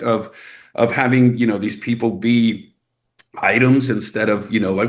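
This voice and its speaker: A young adult man from Texas, an actor guest in a casual interview, telling animated stories and acting out quoted people. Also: normal speed. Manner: animated storyteller, acts out quotes with rising pitch.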